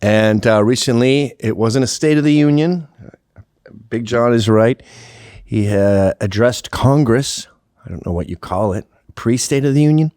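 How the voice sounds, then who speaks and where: A man's voice: mid-range voice, a little slow, darkish tone, dry recording, clean studio sound. A man hosting a show, talking through a sarcastic, profane monologue and laughing at his own jokes. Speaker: host. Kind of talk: casual monologue commentary.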